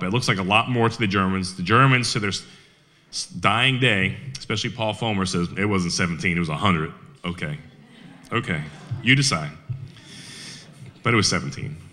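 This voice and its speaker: A man telling a war history story at a Veterans Day event, animated, with rhetorical questions and frequent restarts. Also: on the low side.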